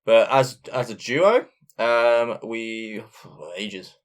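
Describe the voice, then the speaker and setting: A man's voice: mid-range voice, animated. A man co-hosting a podcast as a DJ, chatting casually in a jokey, enthusiastic way. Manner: jokey, enthusiastic, quick to laugh. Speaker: podcast co-host and DJ. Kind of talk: casual chat.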